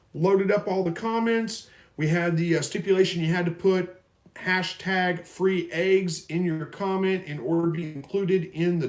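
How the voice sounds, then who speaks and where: A man's voice: sits high, a little hiss or hum. Easygoing guy doing a live q&a, chatty and rambling, echoey room. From Missouri, USA. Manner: folksy, rambling, reads viewer questions aloud. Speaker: livestream host. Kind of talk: casual live Q&A. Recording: roomy echo.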